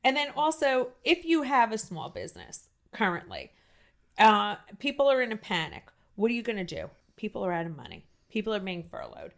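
A middle-aged woman with a strong New Jersey accent hosts a casual podcast chat. She talks loudly and gushes, tripping over her words and restarting sentences as she goes. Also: mid-range voice, huge pitch swings, brisk, vocal fry. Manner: loud, gushing, trails into restarts. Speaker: podcast host.

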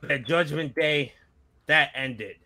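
A gruff old wrestler in a wheelchair gives his farewell speech, as a man puts him on. The voice sits a touch high and bright. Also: slow pace, exaggerated voice. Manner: gruff speech-style delivery, compared to Shrek. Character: impression of a retiring veteran wrestler in a wheelchair.

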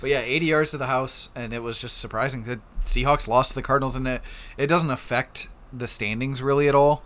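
A young man co-hosts a casual fantasy football podcast, reading stats aloud in a laid-back way and chuckling often. His medium-pitched voice is brisk and fairly bright, with fairly even intonation.

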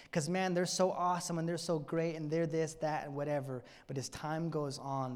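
A man preaching a sermon in a church, moving dramatically from hushed, somber passages to soaring emphasis. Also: mid-range voice, in a large hall. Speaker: pastor. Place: church sanctuary.

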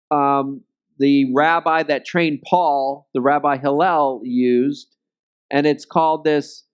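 A man leading a Bible study, teaching in a conversational way and often checking in with his listeners. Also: fairly high pitch.

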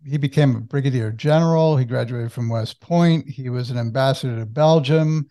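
A man hosting an interview, speaking gently and appreciatively to his guest. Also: medium pitch, moderate pace. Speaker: host.

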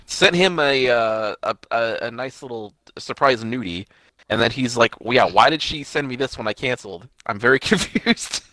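Lively bright young man, teasing podcast co-host. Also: medium pitch, normal speed, no echo. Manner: teasing, short interjections. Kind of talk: casual chat.

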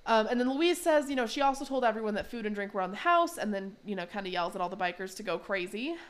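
A woman in the middle pitch range chats through a casual recap. She talks loosely and laughs often, and her speech is full of fillers. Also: lively intonation, quick pace. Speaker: podcast host.

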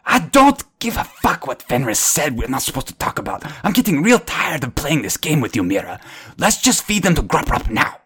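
A man's voice: a little high, very animated, normal speed, a bit bright, slightly rough, pitched above the performer's own voice, heavily acted. A man voicing a hostile, sarcastic boy who protects his little sister, speaking in a sneering, threatening way.

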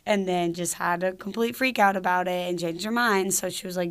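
A young woman from Georgia in the US, telling a story from her own life. She sounds casual and chatty and drops "like" into nearly every sentence. Her voice sits a little low for a woman. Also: fairly even intonation, a little fast, few pauses, clear, resonant tone. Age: young adult. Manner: chatty, full of "like" fillers.

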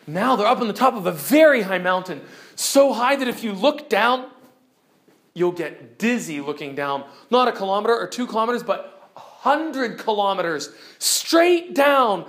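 Man retelling a story slowly, voice a touch high. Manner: expressive, swings between loud and hushed. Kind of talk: animated book retelling.

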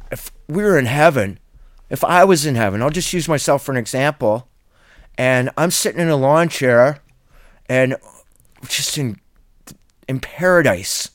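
A man giving a solo Bible teaching video in an earnest, insistent, preacherly way, sometimes halting and restarting as he improvises. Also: mid-range voice, no room sound, studio quality.

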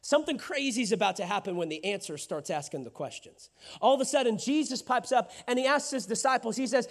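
A man with a notably high voice preaches a sermon to his congregation. He builds from quiet, questioning passages up to loud, shouted declarations. He often slips into the voices of the people in the scripture he retells. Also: expressive, brisk. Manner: acts out Bible characters' lines in quoted voices. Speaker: pastor.

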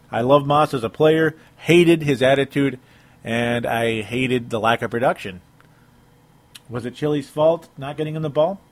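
A man hosting a casual sports talk show, chatting, chuckling and reading listener comments aloud. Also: mid-range voice.

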